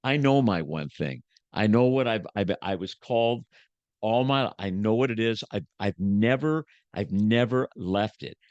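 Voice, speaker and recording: A man's voice: fairly low pitch, lively intonation, a little slow, no room sound, highs cut off. Impassioned older preacher man. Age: 70s. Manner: emphatic, preachy, swings loud to soft. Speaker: guest preacher. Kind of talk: impassioned podcast conversation.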